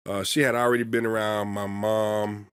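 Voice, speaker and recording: A young adult man, co-hosting a casual podcast about fatherhood and telling stories in a relaxed, slangy way. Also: fairly low pitch, moderate pace, clean tone, no room sound, clean studio sound. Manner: relaxed slangy storytelling, repeats "you feel me".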